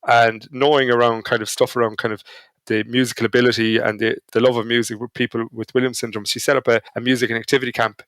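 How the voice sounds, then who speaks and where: A man's voice: medium pitch, fairly bright tone, no room sound. Self-deprecating Irish man telling stories. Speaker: podcast guest. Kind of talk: casual storytelling chat.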